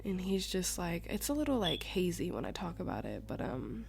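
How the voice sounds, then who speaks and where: A young woman hosting a podcast, telling a personal story in a casual, animated way, slangy and swearing freely. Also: lowish voice, normal speed, gravelly, faint music behind. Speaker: podcast host.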